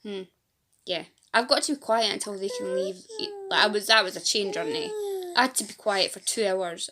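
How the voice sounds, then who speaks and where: A woman's voice: mid-range voice, big pitch swings, a little fast, sharp tone, a little hiss or hum. A woman from Scotland with a Fife accent, a support group founder making an earnest, rambling appeal in a casual talk to camera. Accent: Scottish, Fife. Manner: earnest, rambling, emotional at times.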